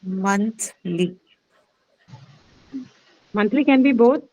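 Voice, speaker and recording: A woman's voice: medium pitch, normal speed, darkish tone, rough recording. A woman teaching a class, explaining patiently with many fillers and checking questions. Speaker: English teacher. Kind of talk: live class lecture on word stress.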